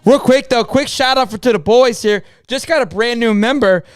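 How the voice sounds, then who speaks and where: A hoarse man hosts a sports live stream, his voice pitched high yet still clear despite being worn out. He rambles with hyped energy and keeps calling out to his audience. The sound is dry and close, with no room around it. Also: normal speed, dry recording. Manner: hyped, rambling, calls listeners boys and girls. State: hoarse, voice partly gone. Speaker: sports show host. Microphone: studio mic on a stream.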